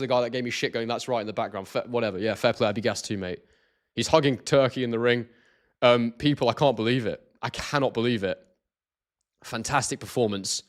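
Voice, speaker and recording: Excitable man hosting a live stream. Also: medium pitch. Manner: excitable, chatty, reads chat aloud. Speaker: boxing stream host.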